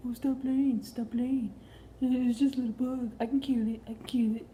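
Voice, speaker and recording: A woman's voice: high-pitched, flat delivery, moderate pace, dark tone, slight background noise, natural voice, poor audio. A woman voicing an exasperated boyfriend who talks brashly and curses in a comedy story. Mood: dismissive. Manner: brash, cursing, bossy. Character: exasperated blunt boyfriend, adult man.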